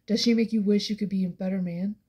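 A woman's voice: medium pitch, fairly even intonation, fast, warm tone, husky, natural voice. Woman reading as a cruel mocking father. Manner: taunting, contemptuous.

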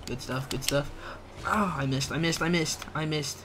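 A man's voice: a little high, moderate pace, background noise. A young man live-streaming a video game, chatting casually with viewers, reading their messages aloud, using slang and laughing often. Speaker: gaming livestreamer.

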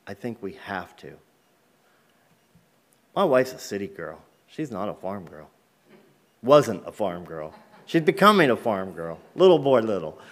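Folksy middle-aged man telling a church story. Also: fairly low pitch. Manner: folksy, plain-spoken storytelling with many ums. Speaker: guest speaker. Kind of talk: personal testimony sermon. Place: church sanctuary.

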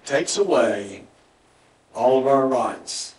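A man's voice: medium pitch, lively intonation, slow, a little mellow. A male pastor, preaching a sermon in a church and telling a story, acting out the dialogue with emphatic repetition. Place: church sanctuary. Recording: roomy church audio, mic at a distance.

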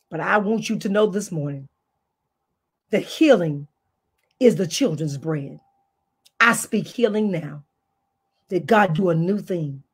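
A woman's voice: mid-range voice, breathy edge. A woman pastor preaching a fervent online sermon full of repeated declarations, tearful and near crying at times. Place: online service, speaking to a screen.

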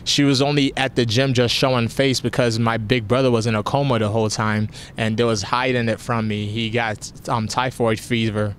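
Candid young man, faint rumble behind. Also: level tone, normal speed, few pauses. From family from Nigeria. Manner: candid, emotional, gets choked up. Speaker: fighter interviewed after a win. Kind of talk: post-fight interview.

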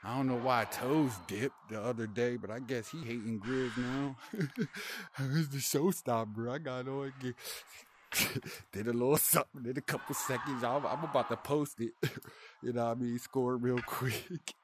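A young man talks smack while playing VR hockey, boastful and full of slang, breaking into laughter between lines. His pitch sits in a middle range for a man, and his headset mic carries a faint hiss of background noise. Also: steady tone, moderate pace. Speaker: VR hockey player. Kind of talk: casual trash talk while gaming.

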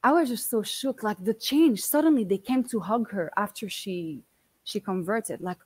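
A woman in her twenties telling a personal story in an interview, animated and blunt, often quoting what people said. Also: mid-range voice, normal speed, husky, rough recording. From Canada. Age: 20s. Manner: animated, quotes others often, swears casually. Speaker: guest.

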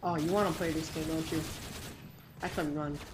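A woman giving live gameplay commentary, excitable and jumpy, breaking into quick exclamations and goofy minced oaths. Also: deep voice, background noise. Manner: self-censoring, silly minced oaths.

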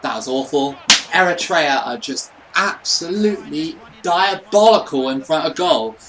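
A man's voice: fairly high pitch, animated, measured pace, a crowd in the background, low-quality recording. A young man giving casual commentary on a football video game, swearing and ranting at the computer opponent. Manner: frustrated, swears, rants at the game. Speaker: gaming YouTuber.

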